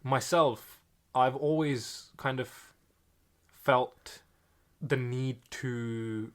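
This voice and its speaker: A man's voice: medium pitch, fairly even intonation, very slow. Earnest young man, mixed Indian-British accent. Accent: Indian mixed with British and American. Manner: earnest, with frequent restarts. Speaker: podcast co-host. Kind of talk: reflective podcast chat.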